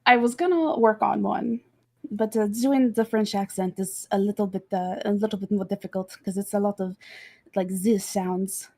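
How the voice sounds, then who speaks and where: A woman from Texas, a voice actor and podcast guest, chatting casually about her work, talking in quick bursts and laughing often. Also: medium pitch, steady tone, darkish tone.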